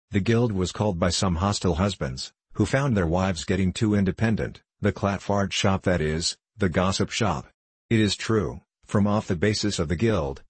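Deep, husky male narrator. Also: dry recording. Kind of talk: audiobook narration of a novel.

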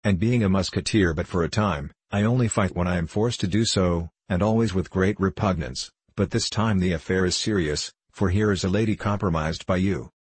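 A mild, coldly courteous young musketeer, read by a man. The voice sits low and a little husky, recorded close and dry with no room around it. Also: normal speed, few pauses, dry recording. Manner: calm, coldly polite. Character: mild, cool-tempered young male musketeer.

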